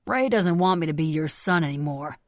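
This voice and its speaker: A woman's voice: low voice, animated, a little fast, dry recording. Woman playing unhinged young thug, crude, menacing, audiobook, dry. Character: young man, jittery violent armed villain.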